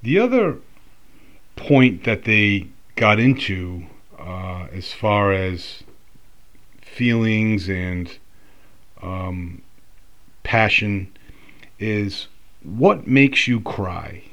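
A man speaks in an unhurried, low voice, working through his thoughts aloud. He rambles, doubles back and fills pauses, like a host talking straight to his listeners. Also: expressive, fairly bright tone. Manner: rambling, reflective, with many fillers and restarts. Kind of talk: casual monologue.

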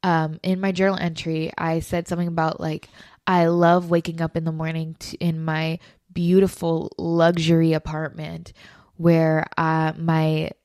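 A young woman hosts a casual solo podcast on a close mic, her voice sitting a little low for a woman. She talks in a gushing, animated way, full of fillers and restarts. The sound is dry, with no room around it. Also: a little slow, no room sound. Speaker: podcast host.

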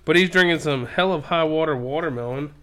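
A man's voice: fairly high pitch, fairly quick, fairly bright tone. A man co-hosting a podcast, rambling and joking with plenty of swearing. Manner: rambling, profane joker. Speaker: podcast co-host. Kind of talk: casual chat.

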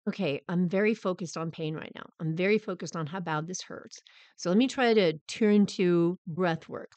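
Candid low-voiced woman podcaster. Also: no room sound. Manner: candid, conversational, animated when recalling hard moments. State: recovering from a cold. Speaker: podcast host. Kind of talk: personal storytelling monologue.

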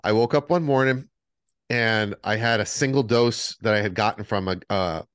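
Low-voiced man telling stories on a podcast. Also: moderate pace, no echo, studio quality. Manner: animated storyteller, acts out the voices in his stories. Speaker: podcast co-host. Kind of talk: casual podcast chat.

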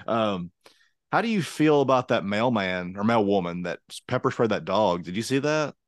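A man with a Southern accent chatting casually as a podcast co-host, telling animated stories full of restarts. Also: fairly low pitch, normal speed, no echo, studio quality. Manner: animated storyteller who acts out voices and rambles with restarts. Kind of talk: casual chat.

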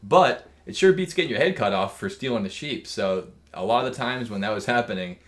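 Crude, joking man with a low voice. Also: lively intonation, fairly quick. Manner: joking, crude, tells long asides. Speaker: podcast co-host. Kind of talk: casual podcast chat.

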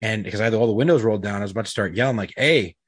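Husky man telling a profane story. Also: lowish voice, racing, dry recording. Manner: profane, rambling, uses lots of fillers. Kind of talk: casual storytelling among friends.

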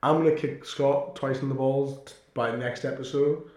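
A man's voice: medium pitch, steady tone, moderate pace, crowd noise. A young man and podcast co-host telling a story in casual, blunt, swear-heavy chat. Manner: crude, blunt, swears a lot. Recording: echoey room.

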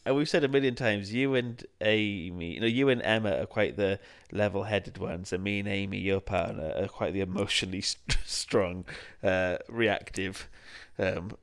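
A man's voice: lowish voice, fairly even intonation, moderate pace, hardly any pauses, smooth. A man co-hosting a podcast in casual chat, from Wales, teasing and laughing often. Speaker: podcast co-host.

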